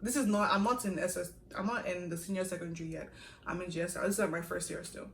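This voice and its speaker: A young woman vlogger telling a story in a casual, animated way, with laughs and asides. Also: fairly low pitch, quick pace, creaky, slight background noise. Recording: echoey room, a little far from the mic.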